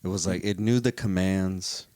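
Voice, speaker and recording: A man hosting a casual comedy podcast, animated and swearing often, breaking into silly voices to tell stories. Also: low-pitched, normal speed. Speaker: podcast host. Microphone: home video podcast setup.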